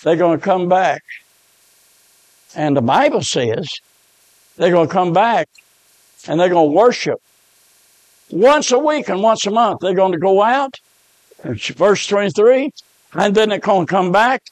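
A male preacher, telling a story in a sermon and swinging between hushed low lines and loud, fervent ones. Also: animated, unhurried, long pauses, no room sound.

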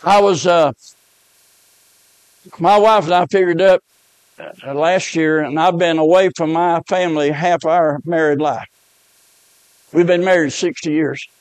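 A man preaches a revival sermon, mixing homespun stories with fervent warnings. His voice sits high for a man and sounds dry and close to the mic. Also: steady tone, measured pace, pauses often, dry recording, poor audio. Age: 70s.

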